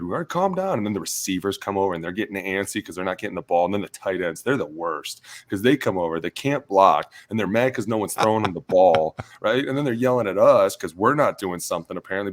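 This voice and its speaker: A man co-hosting a sports podcast in casual chat, telling animated stories and acting out coaches and players. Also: fairly low pitch. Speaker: podcast co-host, former offensive lineman.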